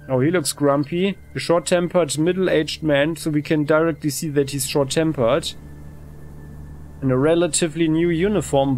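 Relaxed male let's-play host, gravelly voice, mid pitch. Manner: relaxed, thinking aloud with restarts. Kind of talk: casual gameplay commentary.

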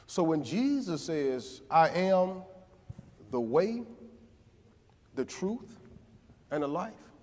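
A man preaching a sermon in a church, building to near shouts and then dropping low again. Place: church sanctuary. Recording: long church hall reverb.

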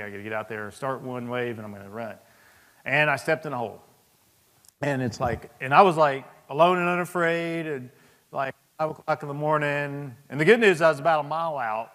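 A man's voice: mid-range voice, fast talker, bright, forceful tone. A man in his fifties, a senior army leader, telling personal anecdotes in a speech to an audience. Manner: storytelling, anecdotal, chuckling asides. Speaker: Sergeant Major of the Army. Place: large hall with audience. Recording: long reverb of a hall.

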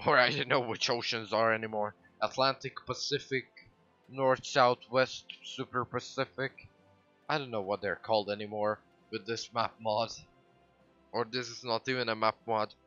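A man giving casual, excitable commentary while livestreaming a strategy game, swearing and breaking into sudden loud outbursts. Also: medium pitch, moderate pace, muffled recording, faint music behind. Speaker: gaming livestreamer.

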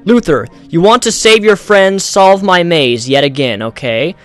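A man's voice: high voice, measured pace, faint music behind. A man putting on a smug male supervillain for a moment while playing a video game, mocking and dismissive in tone.

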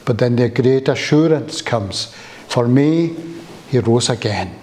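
A man preaching a sermon in a church, slow and emphatic, with rising exclamations. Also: mid-range voice, lively intonation, darkish tone.

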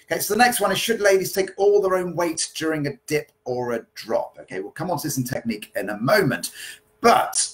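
A man's voice: mid-range voice, low-quality recording. A man teaching partner dancing in a podcast, talking casually and asking "okay?" often as he explains. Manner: chatty, repeats "okay?" to check in. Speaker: dance teacher. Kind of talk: live-streamed dance lesson podcast.

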